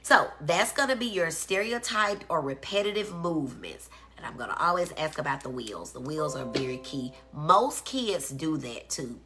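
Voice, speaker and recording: A woman's voice: low voice, expressive, moderate pace, few pauses, sharp tone, faint music behind. A woman giving a casual livestream lecture as a doctor, explaining things and checking in with her viewers. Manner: chatty, explains and checks in with "okay?", greets viewers by name. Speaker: doctor teaching about autism on a livestream.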